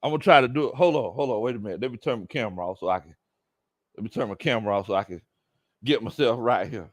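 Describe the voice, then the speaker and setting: A man's voice: medium pitch, quick pace, dry recording, studio quality. A man hosting a live sports chat, reading viewer comments, teasing his audience and laughing often. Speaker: sports talk host.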